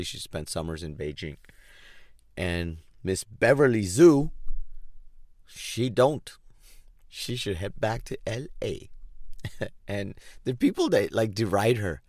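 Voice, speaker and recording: A man's voice: sits low, a little mellow, no echo, studio quality. A man giving a casual, sarcastic commentary rant, often laughing in disbelief. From third culture kid.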